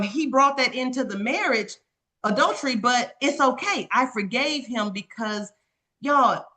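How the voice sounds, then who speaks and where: A woman's voice: a little high, pushed and bright. A middle-aged woman, a life coach and author, sharing her story earnestly in an interview and repeating affirmations while speaking straight to her listeners. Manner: earnest, repetitive affirmations, addresses listeners directly. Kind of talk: personal testimony in an interview.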